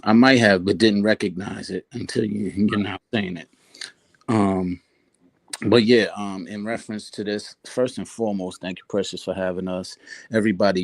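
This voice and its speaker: A man speaking as a panelist in a casual chat, measured and full of fillers. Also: sits low, no echo. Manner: measured, thanking the host, many fillers.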